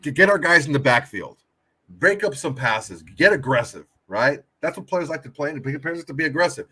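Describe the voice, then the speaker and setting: A man's voice: a little high, expressive, moderate pace, pushed and bright, breathy edge. A man co-hosting a casual sports podcast, blunt and emphatic, swearing heavily. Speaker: podcast co-host.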